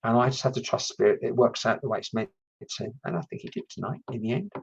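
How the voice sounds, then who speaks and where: Guy medium chatting loosely on a livestream, mid-pitched voice, kinda muffled computer mic sound. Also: lively intonation, quick pace, creaky, husky. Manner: rambling, chatty, reacts to comments. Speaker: spiritual medium. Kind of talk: casual livestream chat. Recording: dull lo-fi stream audio.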